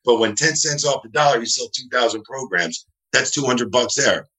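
Speaking at a moderate pace in a medium-pitched, sharp voice, this man is a wrestling referee from New Jersey. He's a guest on a casual interview, calling in from home and spinning meandering anecdotes while acting out the voices of whoever he quotes.

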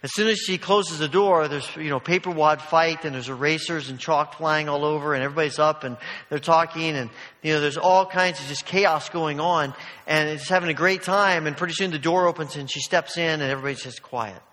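This pastor's voice is a little high, brisk, and sharp as he delivers a sermon in a church sanctuary, where long hall reverb lingers. He preaches through storytelling, keeping it conversational and full of asides.

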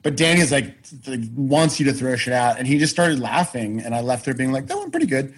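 A man telling a personal career story in casual chat on a podcast, animated, swearing freely and often restarting his sentences. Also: mid-range voice, a little fast, breathy edge, low-quality recording. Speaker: podcast guest.

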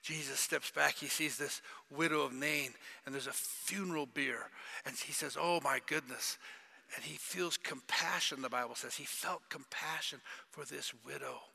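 Gravelly preacher in a reverberant hall. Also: male voice, a little high, normal speed. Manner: dramatic, swings from loud cries to hushed whispers. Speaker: pastor. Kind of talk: sermon. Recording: long reverb of a large hall.

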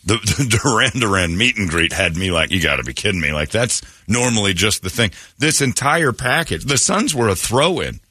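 A man's voice: on the low side, normal speed, few pauses, slightly rough, no echo, clean studio sound. A man hosting a morning radio show, telling a story in casual chat and laughing as he goes. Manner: animated, laughing, puts on voices in quotes. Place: radio studio.

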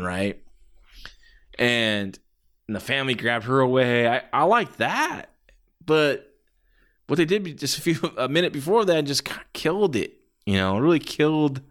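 A man's voice: mid-range voice, fairly bright tone. A man giving a casual, rambling spoken review of a wrestling match. He swears freely and often restarts his sentences.

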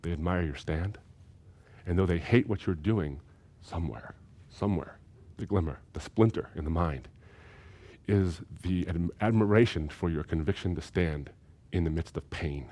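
A man's voice: sits low, moderate pace, warm tone. A man lecturing in a recorded seminary course, emphatic and fond of repeating key phrases.

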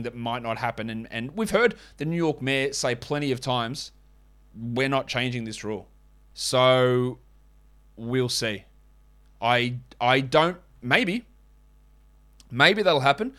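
A man's voice: mid-range voice, measured pace, fairly bright tone. A man hosting a fantasy basketball podcast, ranting sarcastically in fired-up sports commentary. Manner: ranting, sarcastic, mocks others in put-on voices.

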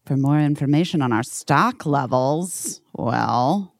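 Woman rambling on a video call, swears a lot, voice jumps around, low-ish. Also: slow, no echo, studio quality. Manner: swears freely, rambling and animated. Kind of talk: casual chat.

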